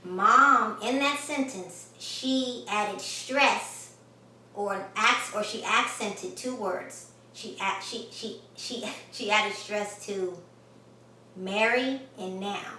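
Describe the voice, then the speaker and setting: A woman's voice: medium pitch, takes it slowly, pushed and bright, distant mic. Woman, grammar teacher, enthusiastic, emphatic, roomy echo, faint background hiss. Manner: enthusiastic, emphatic, addresses viewer directly. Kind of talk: online video lesson. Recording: echoey room, voice from off-mic.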